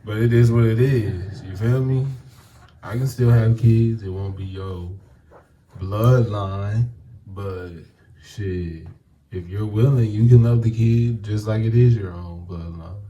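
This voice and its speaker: A man co-hosting a podcast, talking in a relaxed, matter-of-fact way with slang. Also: fairly low pitch, takes it slowly, muffled recording. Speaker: podcast co-host. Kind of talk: casual chat.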